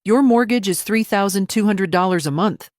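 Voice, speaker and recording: A woman voices a female attorney cross-examining a witness, calm, precise, relentless and cold in mood. She speaks at medium pitch and a moderate pace, pitched above her own voice and lightly acted, in a dry studio-quality recording.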